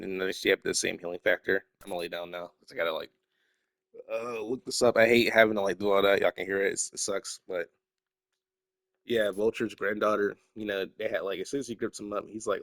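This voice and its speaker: Young guy kinda sick and stuffy, low voice, rambling and cussing, dry close sound. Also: no room sound. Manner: rambling, swears often, trails off into mumbling. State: slightly sick, stuffy nose. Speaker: YouTuber. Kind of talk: casual rambling chat.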